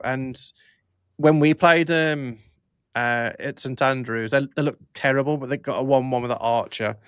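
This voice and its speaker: A man's voice: mid-range voice, fairly even intonation, moderate pace, clear, resonant tone, no echo, studio quality. A man co-hosting a football phone-in, chatting in an easygoing way. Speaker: phone-in co-host. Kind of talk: casual football phone-in chat.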